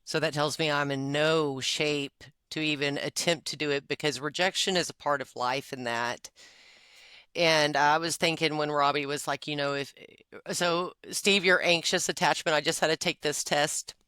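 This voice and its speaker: A woman's voice: sits low, fairly even intonation, moderate pace, bright, forceful tone, clean tone, dry recording, studio quality. A woman, openly sharing personal feelings in a podcast conversation, full of fillers and laughs. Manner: emotional, confessional, with frequent fillers and laughs. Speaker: podcast co-host.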